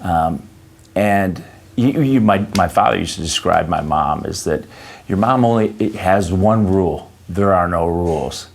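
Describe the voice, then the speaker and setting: A man with a very low voice answers an interviewer at length. He speaks haltingly, full of fillers and restarts, and often drifts into personal anecdotes. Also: animated, creaky. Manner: anecdotal storyteller. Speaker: interview guest.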